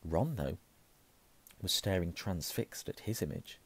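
A hoarse man reading a novel aloud, hushing at tense moments and correcting himself. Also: sits low, animated, unhurried. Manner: self-correcting, softening to a hush at tense moments. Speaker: reader.

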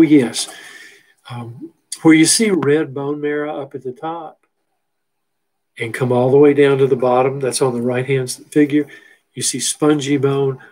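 Middle-aged male biology instructor, husky, folksy, repeats key terms, asks rhetorical questions. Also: mid-range voice, darkish tone, low-quality recording. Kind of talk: recorded lecture walking through a textbook figure.

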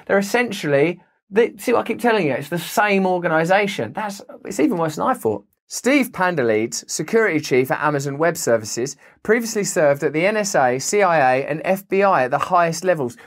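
A man who reads from a report and breaks off into sarcastic, theatrical asides. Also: fairly high pitch. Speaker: commentator and comedian.

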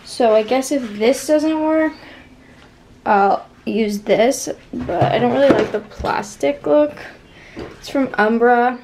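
A woman's voice: fairly high pitch, slow pace, darkish tone. A young woman in her twenties, talking casually through an apartment vlog. She rambles candidly and uses "like" constantly. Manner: rambling, heavy use of "like", candid. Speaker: vlogger. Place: apartment, indoors. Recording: echoey room with background noise.

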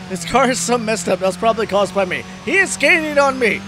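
A man hosting a let's play of a racing game, excitable, yelping and cursing at the game and joking about his own driving. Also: very high-pitched, fast, hardly any pauses. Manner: self-deprecating joking. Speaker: gaming video host. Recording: game music behind.

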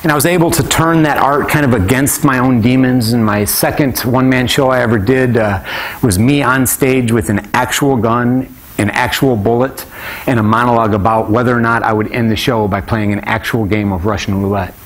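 A man performing live stand-up storytelling on stage, talking to the audience in a conversational way and bursting into shouted exclamations. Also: mid-range voice, steady tone, fairly quick. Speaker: comedian and storyteller. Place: stage at a live conference event.

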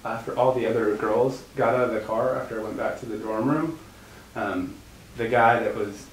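A man guest in an interview, telling a long anecdote in a casual, animated way, laughing at his own story. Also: medium pitch, moderate pace. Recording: echoey room, far from mic, faint noise.

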